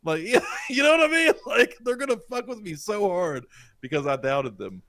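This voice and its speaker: A man's voice: sits high, normal speed, no echo. Podcast co-host: American man, loose and foul-mouthed, very dry close mic. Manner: profane, animated skeptic. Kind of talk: casual chat. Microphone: studio broadcast mic.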